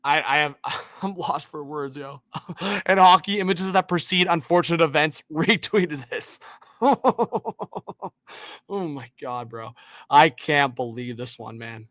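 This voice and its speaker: A man hosting a hockey livestream, ranting casually with slang and swinging between muttering and shouting in disbelief. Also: on the high side, slow, no room sound, clean studio sound. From Canada. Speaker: hockey YouTube livestream host. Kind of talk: live-stream hockey rant.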